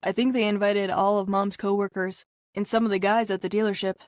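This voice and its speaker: A woman voicing an easygoing, joking young man with a flat, steady delivery, in a storybook reading. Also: mid-range voice, fairly quick, no echo, clean studio sound, lightly acted.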